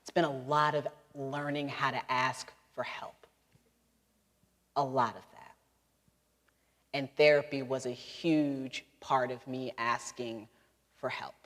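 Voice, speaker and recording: A woman author answering audience questions at a live talk, earnest and quick to laugh, in a large hall. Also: rumbling low, fairly even intonation. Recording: long hall reverb.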